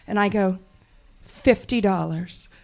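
A woman from the Jersey Shore telling a personal story live on stage, animated and self-mocking, laughing as she goes. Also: mid-range voice, slow pace, creaky. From Jersey Shore, USA.

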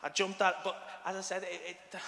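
A man's voice: sits high, little pitch movement, a little fast, creaky, sharp tone, slight background noise. A man doing stand-up, telling a crude story with lots of swearing and chatty asides. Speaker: stand-up comedian. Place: live comedy venue, large hall. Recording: live hall with long reverb.

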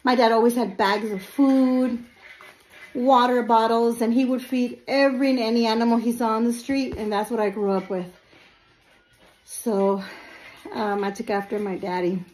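A woman's voice: a little high, steady tone, normal speed, darkish tone, slight background noise. A woman in her forties chatting casually to camera at home, gushing and fond, using baby talk with her dogs. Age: 40s. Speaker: lifestyle vlogger. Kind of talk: casual vlog chat to camera.

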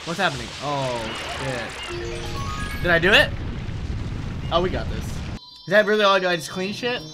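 Excitable, swearing young male gamer. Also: high-pitched, normal speed. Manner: excitable, profane, talks back at the game. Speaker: gaming streamer. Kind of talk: casual live-stream gameplay commentary. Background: game music.

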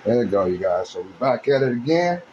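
A man's voice: medium pitch, sing-song, brisk, a little mellow, highs cut off, slight background noise. A man doing a casual cooking demonstration, talking chattily to his viewers as he works. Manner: chatty, addresses viewers as you guys. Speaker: home cook.

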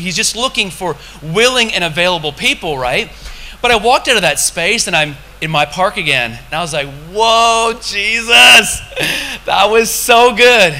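Bright-voiced, impassioned man preaching. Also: sits high. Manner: impassioned, conversational preaching with sudden loud bursts. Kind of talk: sermon.

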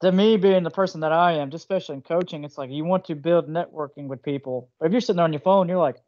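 High-voiced man, podcast co-host, animated slangy storytelling, dull lo-fi sound. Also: fast talker, no echo. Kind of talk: casual interview chat.

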